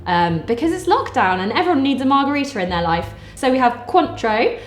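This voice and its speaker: A woman's voice: high-pitched, sing-song, fairly quick, roomy sound, faint music behind. A woman talking casually through a home cocktail recipe step by step, joking as she goes, in a kitchen. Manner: chatty, jokey, explaining step by step. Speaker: vlogger. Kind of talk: casual cooking demo.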